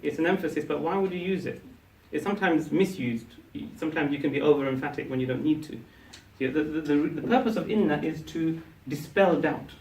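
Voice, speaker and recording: Fairly high-voiced man teaching in an echoey room. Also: a little fast, few pauses, darkish tone. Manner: explains, asks the class questions; frequent "yeah?" and restarts. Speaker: Arabic teacher. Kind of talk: classroom teaching talk. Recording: echoey room, mic from a distance.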